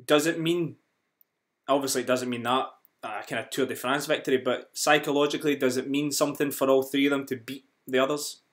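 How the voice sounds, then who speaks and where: A man with a West of Scotland accent, hosting an interview in a friendly, measured way with some fillers. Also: mid-range voice, fairly even intonation. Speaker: host.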